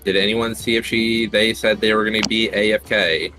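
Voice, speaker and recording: A man from Ohio leading a game raid over voice chat, giving clear instructions and laughing easily. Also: on the low side, flat delivery, moderate pace, bright, forceful tone, soft background music, low-quality recording. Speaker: raid leader. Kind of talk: gaming voice chat.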